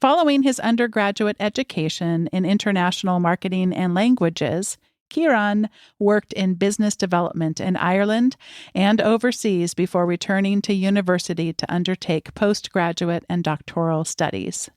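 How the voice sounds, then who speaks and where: A woman's voice: medium pitch, moderate pace, dry recording, studio quality. A woman hosting a podcast interview who reads a guest introduction and chats playfully. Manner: playful and jokey in chat, steady when reading the intro. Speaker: podcast host.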